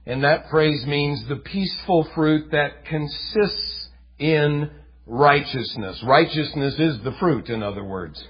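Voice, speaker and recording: Husky-voiced pastor preaching earnestly. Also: male voice, fairly high pitch, slow. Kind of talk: sermon. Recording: dull lo-fi recording.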